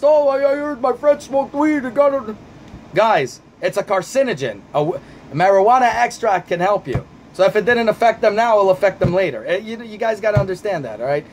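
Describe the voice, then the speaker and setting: A man with a fairly high voice answers viewer questions in a vlog as an anxiety coach. He is blunt and profane, talks with fired-up emphasis, and often repeats himself to drive a point home. A faint hiss sits under his voice.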